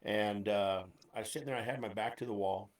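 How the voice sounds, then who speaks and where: A man's voice: lowish voice, fairly quick, far from the mic. A former radio DJ tells a story with laid-back swagger. He sits back from the mic, and the room adds an echo. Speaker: guest, former DJ. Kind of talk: casual storytelling chat. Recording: roomy, off-mic.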